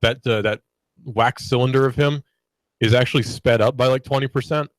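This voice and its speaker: A man's voice: mid-range voice, fairly even intonation, a little fast, dry recording, poor audio. A young man with a Southern American accent, co-hosting a radio talk show in casual, playful chat and laughing often. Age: young adult. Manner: playful, laughs often, mimics announcer voices. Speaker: radio co-host.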